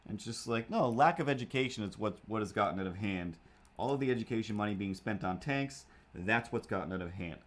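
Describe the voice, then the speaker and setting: A man hosting a livestream, telling a story in a casual, rambling way, full of restarts and fillers, with a hard-to-place accent. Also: fairly quick. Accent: self-made, hard to place. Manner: animated, jumps into squeaky voices for the people he quotes. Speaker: livestream host. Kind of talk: casual storytelling while drawing.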